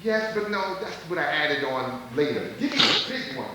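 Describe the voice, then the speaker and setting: A man with a high, very lively voice runs a playful quiz for audience members, teasing and laughing between questions. He sounds distant in a big echoing hall. Steady noise from an old videotape sits under him. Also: normal speed. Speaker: emcee quizzing audience members. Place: large college event hall. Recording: echoey hall taped from far off, noisy old videotape.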